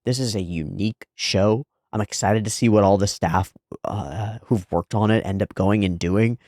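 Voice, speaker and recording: A man's voice: lowish voice, normal speed, a little mellow, no echo, clean studio sound. A man hosting an anime reaction channel, wrapping up a season with earnest, thoughtful casual commentary and filler words.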